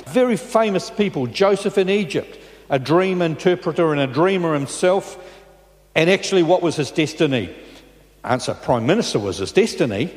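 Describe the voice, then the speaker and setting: A male pastor delivers his sermon in a loose, conversational style, pausing to check in with the congregation. His voice sits a bit higher than most men's, and it rings with a long reverb from the large church around him. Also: darkish tone.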